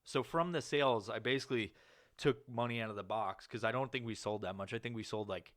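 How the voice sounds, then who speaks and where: A man hosting a podcast, telling a long story in casual chat, swearing often and rambling with fillers. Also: brisk. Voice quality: profane, rambling delivery with many fillers. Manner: acts out quoted people with sudden loud, higher outbursts. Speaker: podcast host.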